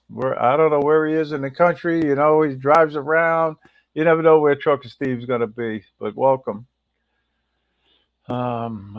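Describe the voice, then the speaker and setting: A man's voice: mid-range voice, no room sound, dull audio. New man hosting a livestream chat. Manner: reads out viewer names and greets them one by one. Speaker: livestream host.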